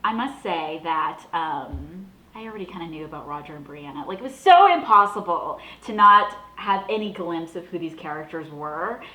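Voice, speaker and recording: Woman host from the Boston area, young adult, casual chat, chatty and gushing, slightly low voice, echoey room. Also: moderate pace, hardly any pauses. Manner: chatty, gushing, animated with laughs. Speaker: vlog host.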